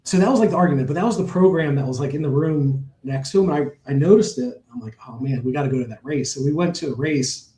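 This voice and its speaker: A man's voice: a little high, lively intonation, quick pace, hardly any pauses, dark tone, echoey room, low-quality recording. A middle-aged man, a horse owner, telling stories in a casual interview, rambling with many fillers and restarts.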